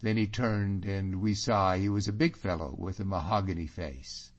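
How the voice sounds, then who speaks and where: A man reading an audiobook novel as narrator, in a measured, even storytelling manner, on a dull lo-fi recording. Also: sits low.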